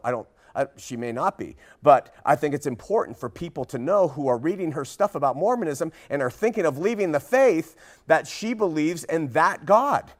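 A man hosting a religious commentary podcast, talking in an earnest, preachy way with frequent fillers and restarts. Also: a little high. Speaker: podcast host.

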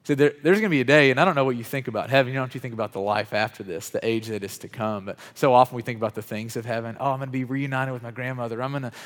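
A man preaches in an easy, conversational way, often speaking to people in the room by name, then climbs louder and higher on his main points. His voice sits at an ordinary middle pitch. It carries a long reverb from a church hall and drifts off the mic at times. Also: rapid-fire, hardly any pauses. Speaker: pastor. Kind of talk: sermon.

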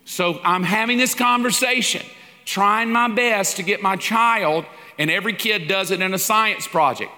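Guy preaching, high bright voice, folksy and jokey, big reverb like a hall. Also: moderate pace. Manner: folksy, acts out dialogues with humor. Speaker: preacher teaching a lesson. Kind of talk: sermon.

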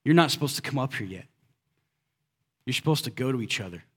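A man's voice: medium pitch, animated, a little fast, a bit bright, husky. A man preaching a sermon in a casual, conversational way, asking the congregation rhetorical questions and slipping in everyday slang. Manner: casual and direct, slips in slang. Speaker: pastor.

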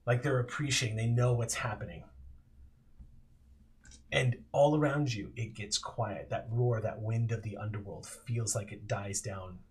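A man running a tabletop role-playing game as game master, narrating slowly and descriptively with pauses. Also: on the low side. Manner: slow, descriptive storytelling with pauses.

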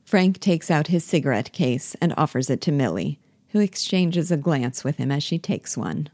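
A woman reading a play aloud, calmly speaking the stage directions and character names. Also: sits low, moderate pace, no echo, studio quality. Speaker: reader.

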